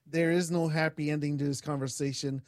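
A man's voice: a little high, fairly quick, no echo, studio quality. A man hosting a radio talk show, thanking guests and closing the program. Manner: steady, wraps up segments and thanks guests.

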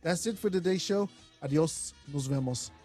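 A man's voice: on the high side, normal speed, faint music behind. A man hosting a radio talk show, thanking guests and closing the program. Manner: steady, wraps up segments and thanks guests.

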